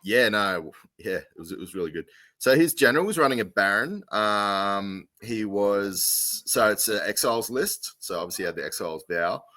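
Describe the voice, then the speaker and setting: A man's voice: lowish voice, animated, moderate pace, sharp tone, dry recording. A man co-hosting a podcast in casual chat, rambling through details with many fillers and restarts. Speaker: podcast co-host.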